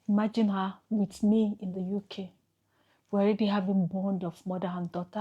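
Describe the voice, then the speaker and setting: A Nigerian woman talking straight into her camera. She tells a painful personal story in a halting, emotional way, often repeating a phrase before going on. Her voice is husky and breathy, and her pitch sits in an ordinary middle range. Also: steady tone, dark tone. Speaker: vlogger telling her life story.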